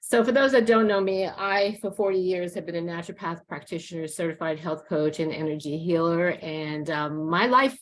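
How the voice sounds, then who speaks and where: Woman, 60s, low pitch, measured, explanatory, video call guest. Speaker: guest, naturopath and health coach. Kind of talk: self-introduction on an online show.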